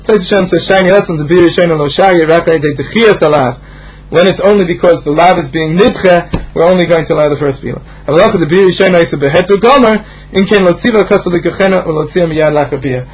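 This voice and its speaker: Man, Talmud lecture, explanatory, slightly high voice, muffled lo-fi recording. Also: quick pace. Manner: explanatory, rhythmic lecturing with frequent fillers. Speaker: Talmud teacher.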